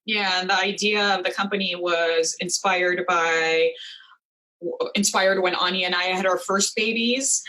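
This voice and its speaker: A woman's voice: on the low side, fairly even intonation, a little slow, bright, forceful tone, low-quality recording. Chatty thirties woman guest. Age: 30s. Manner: conversational, frequent "you know"s and light laughs. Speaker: guest, business founder. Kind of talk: casual interview.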